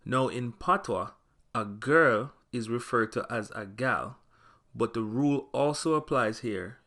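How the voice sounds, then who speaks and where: Deliberate man teaching a lesson. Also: mid-range voice, a bit bright. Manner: clear, deliberate, slows down to spell out example words. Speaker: language teacher. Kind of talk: scripted lesson narration.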